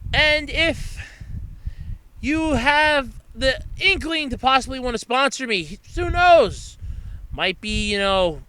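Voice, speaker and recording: Man, podcast host, very high voice, sharp and bright, winded, rambling monologue. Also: smooth. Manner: rapid countdown shouting, then winded rambling. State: out of breath.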